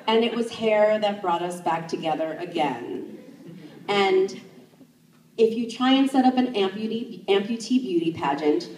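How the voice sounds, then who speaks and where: Animated woman telling a story, roomy. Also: measured pace, a crowd in the background. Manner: animated, acts out her own inner thoughts in jumps of pitch. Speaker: sex educator. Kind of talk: live first-person storytelling. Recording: roomy, distant stage mic.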